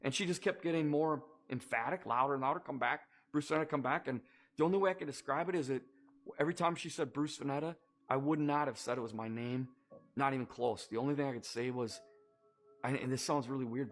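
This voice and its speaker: A man recounts a deeply personal experience in an earnest, measured testimony. His voice sits at an ordinary middle pitch, and he often pauses to find the right words. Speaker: storyteller recounting a personal near-death experience.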